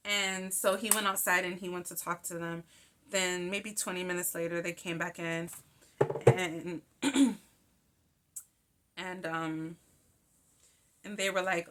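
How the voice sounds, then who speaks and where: A young woman hosting a show, telling a personal story in a candid, animated way and swearing freely. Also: lowish voice, a little slow. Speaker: podcast host. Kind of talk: casual storytelling monologue.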